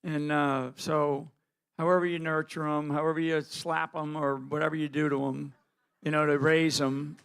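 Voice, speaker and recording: A man's voice: a little high, level tone, normal speed, fairly bright tone, clean tone. A man chatting onstage with a guest in an earnest, rambling way, full of restarts. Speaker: speaker questioning a guest.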